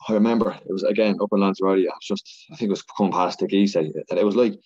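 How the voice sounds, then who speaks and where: Fast-talking deep-voiced man, husky. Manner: rambling, excitable, lots of filler and repeats. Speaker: podcast guest, Ironman athlete. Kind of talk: casual storytelling chat. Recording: dull lo-fi podcast audio.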